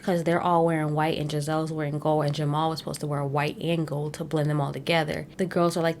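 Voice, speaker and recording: Sassy low-voiced woman with blunt opinions. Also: little pitch movement, a little mellow, slight background noise. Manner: sassy, blunt and opinionated, with slangy asides and quick laughs. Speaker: podcast host recapping a reality show. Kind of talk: casual chat.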